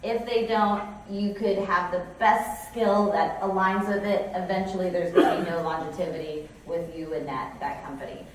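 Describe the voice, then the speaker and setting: A woman's voice: on the low side, steady tone, normal speed, few pauses, a little hiss or hum. Woman president doing a keynote, chatty storytelling, echoey hall, kinda far from the mic. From California. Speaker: company president giving keynote. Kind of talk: conference keynote speech. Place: conference hall.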